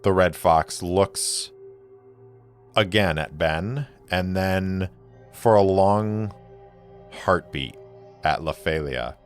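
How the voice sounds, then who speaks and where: A man narrating a solo tabletop game, describing scenes slowly and deliberately. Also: low-pitched, soft background music.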